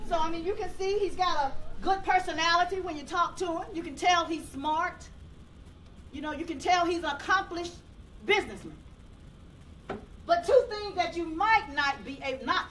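A woman's voice: very high-pitched, moderate pace, a bit bright, a little hiss or hum. A woman gives a folksy, emotional tribute to a relative and reads a passage aloud. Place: library event room. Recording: voice from a distance.

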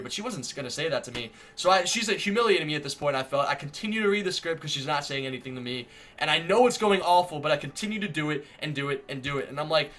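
A young man telling a story to camera in a casual vlog, animated and exaggerated, slipping into voices as he retells it. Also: on the high side, quick pace. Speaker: vlogger.

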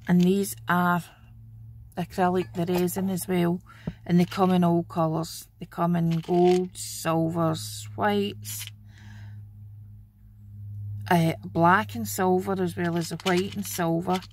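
A Scottish craft channel host speaks in a lowish, slightly mellow voice, slow and flat, with a bit of background noise. She chats homely and casually while showing off her craft haul, fond of saying "wee."

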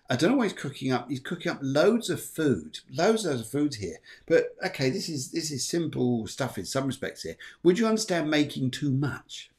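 Guy doing live psychic readings, rambly and jokey, lots of uh and restarts, mid pitch. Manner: rambling, self-correcting, jokey, many fillers. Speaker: psychic medium and show host.

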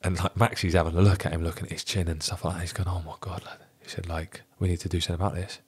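A man in his thirties, a former footballer, telling a lively locker-room anecdote on a podcast as a guest, with loose, profane, animated storytelling. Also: sits low, rapid-fire, breathy edge. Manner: animated storyteller, swears freely.

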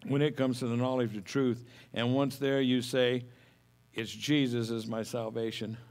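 A man's voice: medium pitch, fairly even intonation, moderate pace, a little mellow. A middle-aged man preaching a sermon as pastor, folksy and homespun, telling stories with humor.

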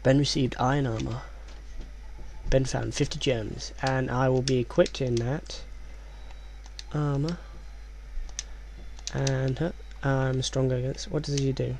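Hushed gravelly-voiced man playing a game. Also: fairly even intonation, measured pace, pauses often, a little hiss or hum. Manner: hushed, keeps voice low; rambling, reads game text aloud. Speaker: let's play commentator. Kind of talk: let's play commentary.

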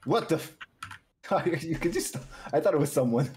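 A man's voice: fairly high pitch, expressive, normal speed, a little mellow, slight background noise. A man chatting casually with friends while streaming a shooter game, joking and repeating silly phrases for laughs. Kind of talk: casual gaming chat with friends.

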